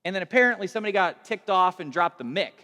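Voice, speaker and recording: A man delivers a relaxed storytelling sermon with a fairly high voice. He talks conversationally, doubling back on words and poking fun at himself. The sound carries a long reverb from a large hall. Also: quick pace, soft background music. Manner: conversational, self-deprecating, repeats and restarts. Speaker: pastor.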